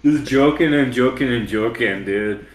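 A man with a medium-pitched voice co-hosts a podcast at a moderate pace, trading crude jokes and wordplay in casual banter. His humor is loud and jokey, and the recording has a roomy sound.

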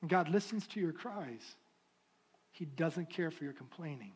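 A man preaching a sermon as pastor of a church, moving from fervent declarations to a softer, prayerful tone. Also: a little high, expressive, a little slow, slightly rough. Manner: impassioned preaching, shifting to soft prayerful tones. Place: church sanctuary.

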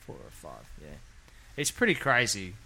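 A man co-hosts a relaxed chat, talking in a jokey, rambling way. His voice is gravelly with a bright, forward edge. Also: low voice, moderate pace. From Australia. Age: 50s. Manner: jokey, rambling, laughs often. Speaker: podcast co-host. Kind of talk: casual chat.

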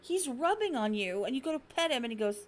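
A middle-aged woman co-hosting a stream, telling blunt, animated stories in casual chat. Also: sits high, quick pace, a little hiss or hum. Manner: blunt, animated storyteller acting out her cat. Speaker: stream co-host.

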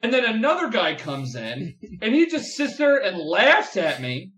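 A young man telling a rambling, profane story on a podcast, full of fillers and animated outbursts. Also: high voice, measured pace, reverberant, poor audio. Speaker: podcast guest. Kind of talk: casual storytelling chat.

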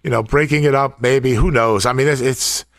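A man's voice: medium pitch, fairly even intonation, dry recording, clean studio sound. A man co-hosting a political talk show, chiming in agreeably and often stammering through restarts. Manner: halting, stammering, agreeable interjections. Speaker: co-host.

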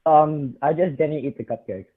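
A man's voice: fairly high pitch, husky. Male caller, tinny phone line, stumbling and unsure. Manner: hesitant, halting, full of ums. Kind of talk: phoned-in call.

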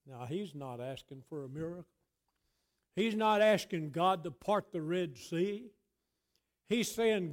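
Slow, high-voiced preacher man. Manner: swells loud then drops to near whisper, drawn-out phrasing. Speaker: pastor. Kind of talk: sermon.

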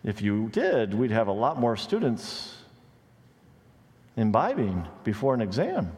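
A man preaching a sermon as a pastor, animated, with wide pitch swings, rising on questions and dropping low for emphasis, with conversational asides and light humor. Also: a little slow. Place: church sanctuary. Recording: long reverb of a large hall.

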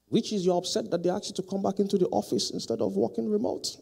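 A male pastor preaching a sermon in a church, asking the congregation questions and rising to loud, emphatic peaks. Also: high voice, fairly even intonation, quick pace, vocal fry, few pauses, slightly rough. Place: church hall.

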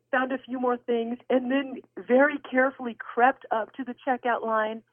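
A woman guest author telling a personal story in an interview, animated and expressive. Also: fairly high pitch, moderate pace, few pauses. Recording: tinny phone line.

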